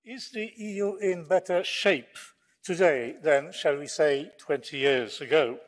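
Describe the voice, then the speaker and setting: A man delivers a formal parliamentary speech, sharp and sarcastic in its jabs. His voice sits somewhat high for a man. It carries the long echo of a large debating chamber. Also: unhurried. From Poland. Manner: sarcastic, combative oratory. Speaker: member of parliament. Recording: long reverb of a large hall.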